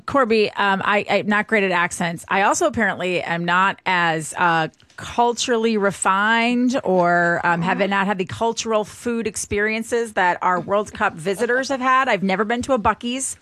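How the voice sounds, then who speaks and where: A woman's voice: medium pitch, moderate pace, hardly any pauses, a bit bright, dry recording. Woman co-host, casual radio banter, dry close studio sound. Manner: joking, conversational. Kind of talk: casual talk radio chat.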